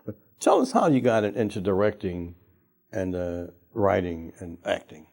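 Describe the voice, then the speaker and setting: A man hosting a TV talk show, asking halting questions with many fillers and backing the guest with steady "mm-hmm"s. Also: low-pitched, creaky. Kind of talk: TV interview.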